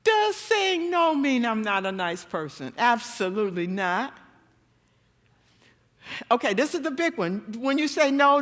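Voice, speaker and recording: A woman giving a church seminar talk, telling stories animatedly and jumping to a high voice when she acts out quotes. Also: very animated, measured pace, long reverb tail. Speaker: guest speaker. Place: church hall.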